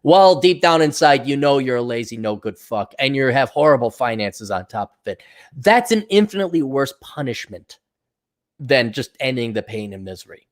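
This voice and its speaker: A man's voice: mid-range voice, expressive, moderate pace. A man hosting his own show, ranting in a sarcastic, profane, mocking way. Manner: mocking mimicry of others. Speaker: show host. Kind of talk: livestream rant.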